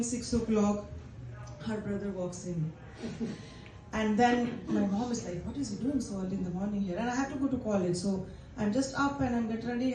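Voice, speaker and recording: A young woman doing impromptu stand-up, telling a confessional story and quoting her own thoughts in quick bursts. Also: fairly high pitch, darkish tone, a little hiss or hum. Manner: candid, confessional storytelling with quick bursts of quoted self-talk. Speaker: stand-up comedian. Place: indoor comedy venue. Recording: roomy, distant live-room recording.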